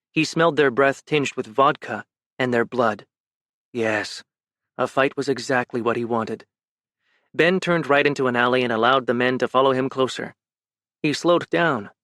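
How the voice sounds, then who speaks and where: A man reading fantasy fiction as an audiobook narrator, measured and even. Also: medium pitch, dry recording, studio quality.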